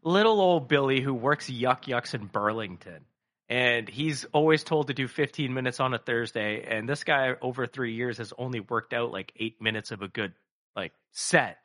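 A man talks casually in a comedy chat, rambling from point to point. His voice is bright and forward, and his pitch jumps around animatedly. He swears freely and slips into little acted-out voices. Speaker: podcast co-host.

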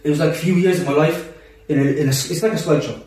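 A young man telling a personal story in casual talk among friends, animated and full of restarts. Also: fairly high pitch, racing. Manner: animated, acts out quotes, many restarts. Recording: roomy echo, distant mic.

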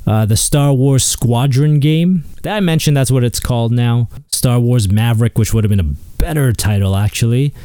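Solo comedy host, male, sarcastic and foul-mouthed, mellow low-toned voice, dry close sound. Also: smooth, no echo. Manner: profane, sarcastic, mock-outraged. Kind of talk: comedic rant.

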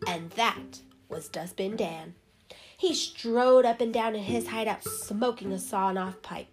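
A woman reads a children's animal story aloud in a lively, expressive storyteller's voice. Her pitch sits in an ordinary middle range. Music plays clearly underneath her reading. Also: measured pace. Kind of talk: storybook narration.

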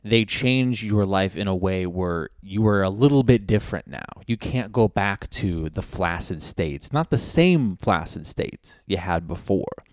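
A man riffs alone through a crude comedy monologue, drifting off his point and doubling back. His voice sits on the low side but swings up and down a lot. The sound is dry and close. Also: expressive, unhurried, few pauses, dry recording. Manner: rambling, crude, loses his train of thought. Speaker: podcast host. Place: his home.

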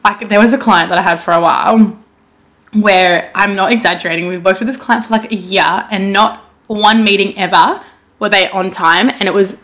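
A woman's voice: medium pitch, fairly even intonation, moderate pace, a bit bright. Young woman, laughing and swearing. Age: young adult. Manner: laughs often, swears freely. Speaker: co-host. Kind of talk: casual chat.

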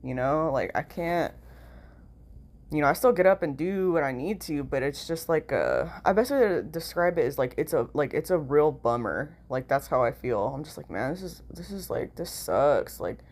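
A woman's voice: sits low, animated, normal speed, darkish tone. A tired, sleep-deprived woman with a nasal voice, talking in a rambling casual vlog, full of "like" and "you know" and freely swearing. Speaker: vlogger.

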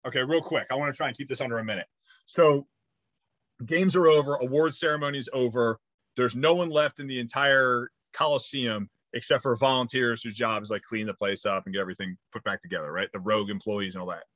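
Casting note: man in his thirties, bright forward voice, loose animated podcast chatter, dry close mic. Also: mid-range voice, fairly quick, no room sound, muffled recording. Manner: rambling, animated storytelling with swearing. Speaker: podcast co-host. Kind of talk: casual chat.

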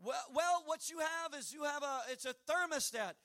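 A man's voice: extremely high pitch, expressive, normal speed, sharp tone, no echo, studio quality, pitched above the performer's own voice, heavily acted. A man voicing a big bald tow-truck driver from the islands who talks in an easygoing, helpful way.

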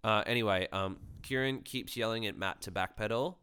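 A man with a lowish, bright and crisp voice recaps a reality show in relaxed podcast chat. He is wry, swears offhandedly and acts out the lines he quotes. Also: normal speed. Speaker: podcast co-host.

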